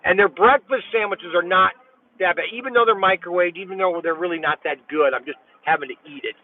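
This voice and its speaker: A man's voice: sits high, fairly quick, distant mic. A man vlogging while driving, chatting casually and rambling in a folksy way from inside his car. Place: inside a car at a drive-thru. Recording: tinny, phone-like sound.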